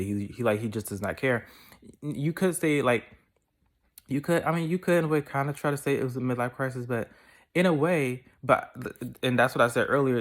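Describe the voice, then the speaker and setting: Rambling, animated man reviewing a film. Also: mid-range voice. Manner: rambling, filler-heavy, animated with playful asides. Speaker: movie commentator. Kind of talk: casual film review chat.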